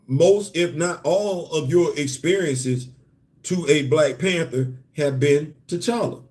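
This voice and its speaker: An animated man speaks slowly in a fairly high voice, riffing on comics as host of a comics and culture live show. In this casual solo talk he sounds conversational, poses rhetorical questions, and repeats words when building toward a point.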